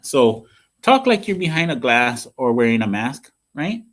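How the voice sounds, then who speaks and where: A man's voice: mid-range voice, sing-song, unhurried, a bit bright. A man giving a patient, sing-song lesson to young children as a school counselor, checking in often with "okay?".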